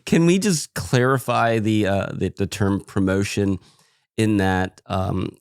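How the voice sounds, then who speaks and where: A man co-hosts a podcast with easy, joking banter, breaking into laughter and playful asides. His voice sits a bit low and sounds close and dry, with no room around it. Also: takes it slowly, clear, resonant tone, dry recording. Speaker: podcast co-host.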